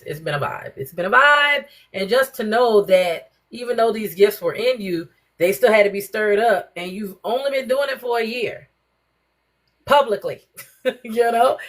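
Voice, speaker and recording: A woman's voice: medium pitch, a bit bright. A woman hosting a poetry show, enthusiastically hyping up the poet who just performed. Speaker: host.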